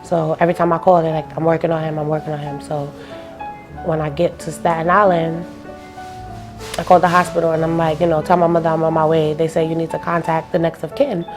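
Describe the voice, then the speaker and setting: A woman's voice: deep voice, little pitch movement, quick pace, music in the background. A young woman speaking as an interview guest, telling a personal story in a loose, casual way and acting out the phone calls she describes.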